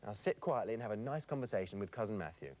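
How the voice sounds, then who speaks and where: Playful ventriloquist, man, animated delivery, patient scolding. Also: on the low side, fast.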